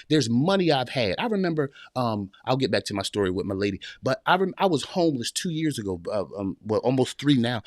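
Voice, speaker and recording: A man's voice: fairly high pitch, no echo, studio quality. A man hosting a podcast, giving an emphatic motivational talk and often turning to his listeners with a question. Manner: emphatic, repeats phrases, asks the audience "y'all hear me?". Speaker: podcast host.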